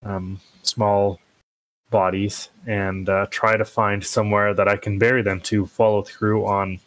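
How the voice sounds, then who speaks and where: A man's voice: lowish voice, flat delivery, unhurried, fairly bright tone, no room sound, rough recording. A man playing a tabletop game, thinking aloud and asking the game master questions. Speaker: player. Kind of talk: casual tabletop play.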